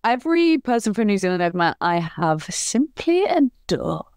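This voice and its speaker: A woman's voice: medium pitch, big pitch swings, moderate pace, a little mellow, smooth, no echo, clean studio sound. A woman guesting on a podcast, talking in an effusive, jokey way. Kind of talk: casual chat.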